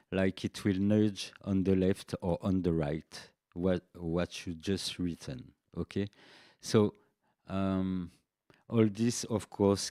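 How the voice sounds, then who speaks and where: A man explaining music software features in a live-streamed tutorial, unhurried and checking in with "okay" as he goes. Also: low-pitched, fairly even intonation, dry recording, clean studio sound. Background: faint drum machine beats.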